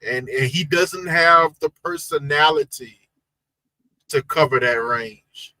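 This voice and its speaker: A man co-hosting a reality TV recap chat, animated, emphatic and full of slang. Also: a little high, takes it slowly, no echo, poor audio. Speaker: co-host of a reality TV recap show. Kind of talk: casual chat.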